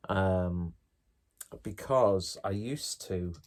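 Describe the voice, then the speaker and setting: A man's voice: deep voice, extremely slow. A man chatting casually and wryly as he reviews a beer, dropping the odd swear word. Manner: chatty and wry, with off-the-cuff swearing.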